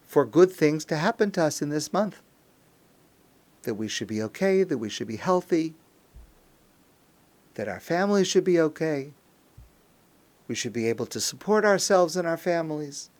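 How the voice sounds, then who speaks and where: A man speaking as a rabbi in a recorded talk, earnest, reading Hebrew phrases slowly and translating them, rising to an intense pleading tone at times. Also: high-pitched. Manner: earnest, rises to an intense pleading tone when quoting prayer.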